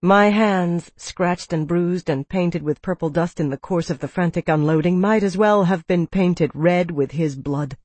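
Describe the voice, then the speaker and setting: An audiobook reader narrating a story in the first person, calm and steady. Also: mid-range voice, unhurried, few pauses, no room sound.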